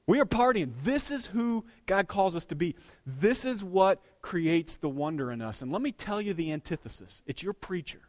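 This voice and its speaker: A man preaching a sermon as a pastor, swinging between hushed, intimate lines and loud, excited bursts. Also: sits high, moderate pace, few pauses.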